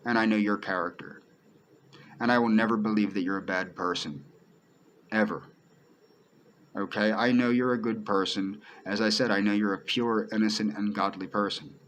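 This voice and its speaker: Earnest pleading man, deep voice. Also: slight background noise, low-quality recording. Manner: earnest, pleading, repeats himself often. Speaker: video creator. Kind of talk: direct-to-camera personal monologue.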